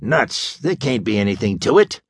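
A man narrating an audiobook and voicing a stocky, gruff male first mate of a spaceliner who speaks in blunt, dismissive orders. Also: fairly low pitch, big pitch swings, normal speed, dry recording, studio quality, exaggerated voice.

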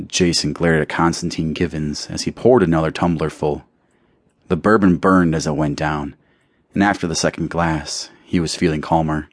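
Deep-voiced male audiobook narrator. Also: steady tone, moderate pace, dry recording. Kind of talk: scripted narration. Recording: dry close studio recording.

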